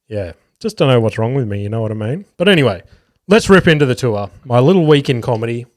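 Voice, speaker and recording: A man's voice: mid-range voice, no room sound, clean studio sound. Rambling Australian man, casual podcast. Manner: rambling, swears freely, lots of ums and likes. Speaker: podcast host and comedian. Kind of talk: casual solo podcast chat.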